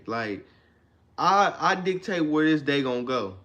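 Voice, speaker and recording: A man talking straight to his livestream viewers with a motivational message. He speaks emphatically and repeats his lines in a preacher-like rhythm, and his voice sits at an average pitch for a man. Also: fairly quick, a bit bright. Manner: emphatic, repetitive, preacher-like cadence. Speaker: livestream host. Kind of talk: motivational live talk.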